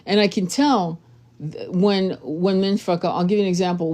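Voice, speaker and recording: Blunt, foul-mouthed woman with a mellow voice. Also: on the low side, fairly even intonation, moderate pace. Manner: blunt, profane, emphatic. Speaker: tarot reader. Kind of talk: casual advice monologue.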